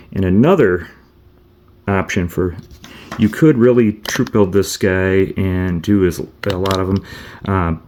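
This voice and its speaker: A man's voice: low voice, warm tone. A man casually reviewing an action figure, meandering and thinking aloud as he handles each piece. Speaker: toy reviewer.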